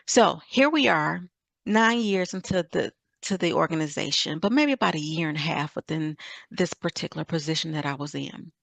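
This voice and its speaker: A woman's voice: deep voice, expressive, normal speed, creaky, a bit bright, no room sound. A middle-aged woman from Michigan telling an earnest, faith-filled story of her career as a summit speaker. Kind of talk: personal testimony talk.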